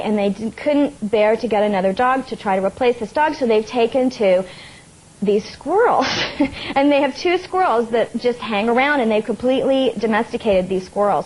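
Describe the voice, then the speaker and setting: A woman from the United States, a talk show guest telling stories in an animated, laughing way. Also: fairly high pitch, rough recording. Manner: animated storyteller, laughs often, acts out quotes. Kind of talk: casual chat, telling anecdotes. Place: TV studio with audience.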